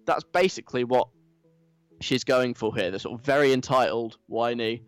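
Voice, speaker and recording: A man's voice: mid-range voice, moderate pace, dry recording. A man hosting a radio show, in a chatty, wry and mocking monologue. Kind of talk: casual comic radio monologue.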